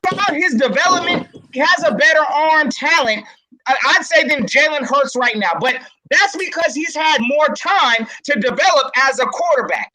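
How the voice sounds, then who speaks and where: High, bright-voiced woman arguing sports. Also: poor audio. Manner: assertive, argumentative. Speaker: podcast co-host. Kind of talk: sports talk commentary.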